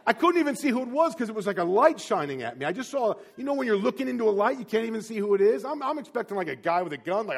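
A man preaching a sermon, telling a personal story with big swings between loud, emphatic peaks and quiet asides. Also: sits high, very animated, racing, gravelly, few pauses. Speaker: pastor.

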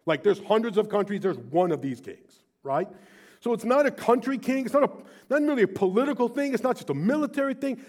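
A middle-aged man preaching with a fairly high voice. He tells stories in an animated, emphatic way, leaning hard on key words. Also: fast. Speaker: pastor. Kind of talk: sermon.

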